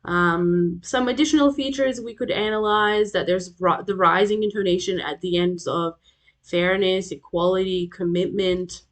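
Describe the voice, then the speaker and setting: A woman's voice: medium pitch, steady tone, moderate pace. A young adult woman with an Australian accent, a tutor explaining a lesson over slides, with fillers and frequent checks like "okay?". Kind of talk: recorded lecture over slides.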